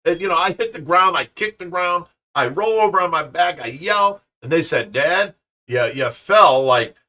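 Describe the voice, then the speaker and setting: A man hosting a show, telling a story in casual chat, animated and restarting his sentences often. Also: high-pitched, normal speed. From Ohio, USA. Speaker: show host. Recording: voice a bit far from the mic.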